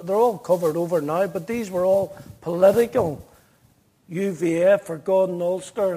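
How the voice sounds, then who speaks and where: A man's voice: sits high, mellow. A man with a Northern Irish accent giving an earnest personal testimony, telling his story vividly and acting out the dialogue. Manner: earnest, at times emotional.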